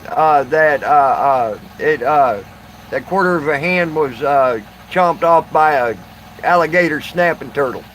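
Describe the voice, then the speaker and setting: A man talks slowly to his live stream viewers, his slightly high voice stumbling through fillers and restarts. A faint idling engine hums in the background. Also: a bit bright, slight background noise, low-quality recording. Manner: halting, many fillers and restarts. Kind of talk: casual live stream chat.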